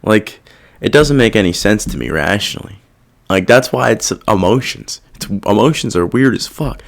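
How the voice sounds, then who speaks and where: A young man sits with the mic and rambles through his own emotions, cursing freely and circling back on himself. His pitch swings up and down a lot as he talks, lively rather than flat. It comes across as a casual, self-reflective confessional. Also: moderate pace, creaky. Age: young adult. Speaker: podcast host.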